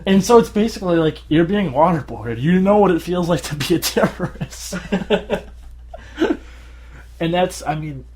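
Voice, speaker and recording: A tired man co-hosting a podcast in casual chat, rambling and laughing often as he acts out shouted quotes. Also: a little high, lively intonation, a little slow, long pauses. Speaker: podcast co-host.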